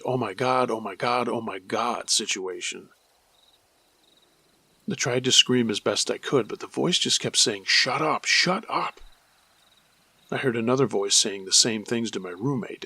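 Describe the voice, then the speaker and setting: Guy reading a scary story out loud, gravelly and husky, steady pace. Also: on the low side, no echo. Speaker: storyteller and host. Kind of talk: first-person scary story narration.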